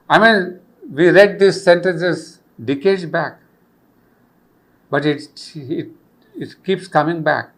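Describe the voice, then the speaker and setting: An older man gives a reflective spiritual lecture. He speaks earnestly, coming back to key phrases for emphasis. His voice sits slightly high and has a gravelly edge. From India. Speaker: lecturer on yoga philosophy.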